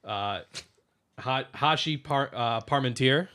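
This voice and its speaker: A man's voice: mid-range voice, takes it slowly, sharp tone. Casual male podcast co-host reading trivia. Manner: reads out trivia facts, stumbles on names. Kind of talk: casual chat.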